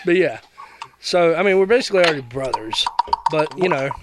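Guy cracking crude jokes on a podcast, kinda high voice that jumps all over, crowd chatter behind. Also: expressive, brisk, heavy background noise. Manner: laughs often, joking. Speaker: podcast co-host. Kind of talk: crude comedic banter.

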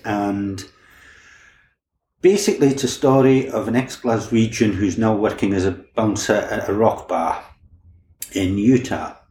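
A man's voice: on the low side, a little mellow, a little hiss or hum. A man, a crime novelist, chatting easily in a podcast interview and often restarting his words. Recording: roomy echo, faint background ambience.

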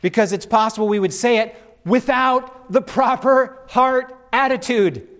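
A man hosting a casual faith discussion, talking in an animated, rambling way with frequent restarts. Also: very high voice, measured pace.

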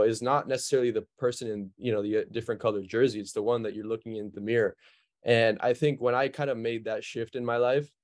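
Low-voiced man reflecting on mindset. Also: darkish tone. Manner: reflective, many fillers. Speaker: podcast guest. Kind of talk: casual podcast chat.

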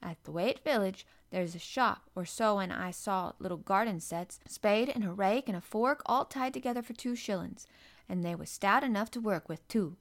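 A woman's voice: medium pitch, normal speed, close to an everyday voice. A woman voicing a blunt, cheerful young housemaid with a broad Yorkshire accent, talking in hearty dialect.

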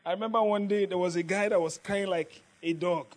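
High-voiced preacher man, animated sermon. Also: fairly quick. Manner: lively, laughing often, call-and-response with the congregation.

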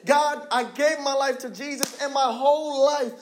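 A young man in his twenties preaching a sermon with passion, repeating phrases and dropping his voice low for emphasis. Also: steady tone, moderate pace, a little hiss or hum. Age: 20s.

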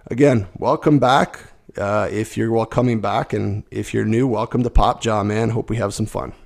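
A middle-aged man with a rough, gravelly voice, hoarse from a cold. He hosts a podcast at a studio mic and rambles in a loose, stream-of-consciousness way. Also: lowish voice, steady tone, moderate pace. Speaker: podcast host. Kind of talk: casual solo podcast chat.

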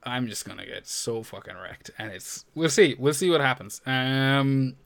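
A young man co-hosting a casual podcast, ranting with lots of swearing and animated outbursts. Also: mid-range voice, normal speed, creaky. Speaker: podcast co-host.

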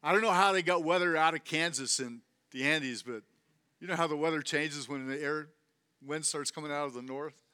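His voice a little high, smooth, and fairly quick, a visiting preacher gives a lively sermon. He drives points home by repeating phrases and urges the congregation to answer back.

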